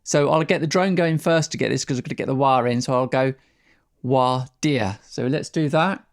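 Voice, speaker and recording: Man, didgeridoo teacher, slightly high voice, casual rambling explanation, sounds out syllables. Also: brisk.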